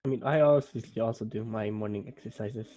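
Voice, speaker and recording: A man's voice: fairly low pitch, fairly quick, warm tone. A man playing in a casual tabletop game, joking, swearing and arguing for his character. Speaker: player.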